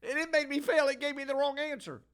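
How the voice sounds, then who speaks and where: A man doing a whiny shrill young woman. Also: fairly even intonation, fast talker, slight background noise. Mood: indignant whine. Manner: high-pitched, loud, indignant whine. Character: whiny young woman complaining about a chatbot.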